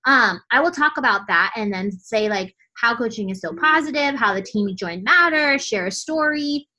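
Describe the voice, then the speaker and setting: A woman's voice: on the high side, lively intonation, normal speed, pushed and bright, poor audio. A woman coach giving a motivational team training talk, fired up and blunt, casual with swearing and lots of "like" fillers.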